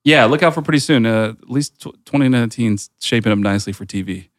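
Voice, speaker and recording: A man hosts a pop culture podcast in a mid-pitched voice. He talks loosely, swears freely and leans on fillers as he riffs with his co-hosts. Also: quick pace. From United States. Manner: loose and profane, many fillers. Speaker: podcast host. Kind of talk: casual pop culture chat.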